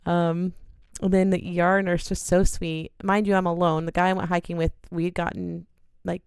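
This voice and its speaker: A woman casually telling a funny personal story, animated and giggly, acting out other people's lines with big jumps in pitch. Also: moderate pace, smooth, dry recording, studio quality. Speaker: channel host telling a story.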